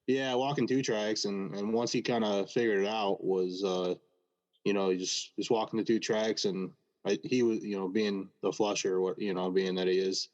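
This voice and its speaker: A man with a lowish voice recounts his trip in a halting way, full of fillers and restarts. His voice comes through a muffled, lo-fi video call. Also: steady tone, a little mellow. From Michigan. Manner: halting, hesitant, many fillers. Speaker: caller. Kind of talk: casual chat.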